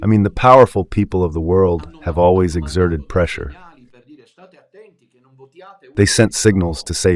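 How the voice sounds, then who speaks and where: A man's voice: deep voice, a little slow, pauses often. A man with an Italian accent giving impassioned religious commentary on the radio, emphatic and rhetorical, often asking his listeners if they understand. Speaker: radio preacher.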